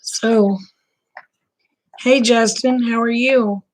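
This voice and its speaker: A middle-aged woman with an Oklahoma accent, hosting a casual late-night livestream chat and talking to viewers by name, her throat a bit rough. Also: fairly high pitch, very slow. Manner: relaxed, folksy, talks to viewers by name. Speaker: livestream host chatting with viewers.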